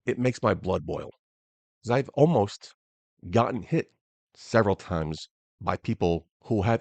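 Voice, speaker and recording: A man's voice: fairly low pitch, creaky, no room sound. A man hosting a solo podcast, telling a story in an angry, profane way. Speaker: podcast host.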